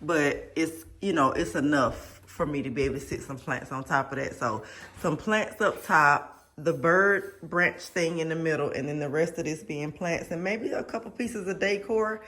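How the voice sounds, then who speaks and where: A woman's voice: deep voice, moderate pace, a bit bright. A woman vlogger chatting casually to her viewers, rambling and addressing them as y'all.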